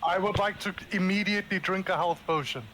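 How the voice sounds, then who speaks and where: A man's voice: sits high, quick pace, noisy background. A man playing in a tabletop game, making dry, playful in-character remarks. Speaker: player. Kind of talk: tabletop role-play chat.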